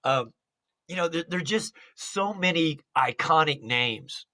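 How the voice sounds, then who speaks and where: A man's voice: on the high side, animated, measured pace, sharp tone. A man hosting a casual interview, enthusiastic and encouraging, with many fillers. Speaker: interview host.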